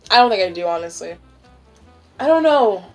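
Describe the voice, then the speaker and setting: A woman's voice: medium pitch, big pitch swings, normal speed, soft background music. A young woman hosting a casual chat with a friend, rambling with lots of fillers and frequent giggles. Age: young adult. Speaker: channel host. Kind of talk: casual chat during a stoned mukbang.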